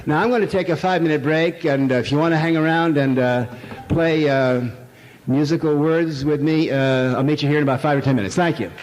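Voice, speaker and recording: Here the older man talks briskly in a fairly high, slightly mellow voice. Before a live audience in a large lecture hall, he rambles irreverently, cracking jokes and leaning on fillers as he tells stories. The recording carries hall echo and a little noise.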